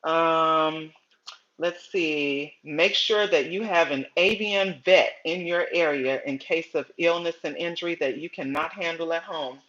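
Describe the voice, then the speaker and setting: A middle-aged woman hosting a casual gardening livestream, chatty and storytelling, often pausing to greet viewers by name. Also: low voice, a bit bright, muffled recording.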